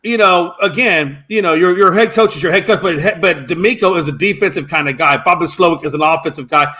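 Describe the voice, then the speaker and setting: A man co-hosting a sports talk show, arguing his point with emphatic, animated delivery that jumps up at times. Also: a little high, brisk. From United States. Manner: animated, emphatic, rising to shouts. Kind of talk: casual sports debate.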